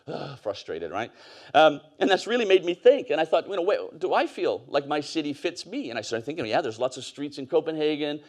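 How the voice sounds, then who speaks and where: Man, 40s, relaxed storytelling conference speaker. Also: fairly high pitch. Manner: conversational, storytelling, with fillers and laughs. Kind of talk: conference talk. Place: conference stage.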